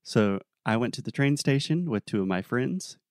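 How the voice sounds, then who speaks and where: A young adult man co-hosting a podcast, telling a story in a relaxed, casual way with plenty of fillers. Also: mid-range voice, normal speed, no echo, studio quality. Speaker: podcast co-host.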